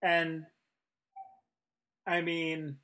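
Man, podcast co-host, slow and halting, full of "um"s. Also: on the high side, completely flat delivery, pushed and bright. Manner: hesitant, many fillers and restarts. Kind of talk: casual discussion.

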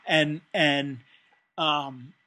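A man's voice: a little high, fairly even intonation, drawn-out words, sharp tone. A man co-hosting a casual discussion, thinking aloud with frequent fillers and restarts. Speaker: podcast co-host.

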